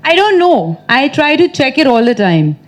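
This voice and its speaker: Woman, 30s, actress at a press conference; casual, talkative, fairly high voice. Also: sing-song, normal speed. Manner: chatty, laughs often, teasing.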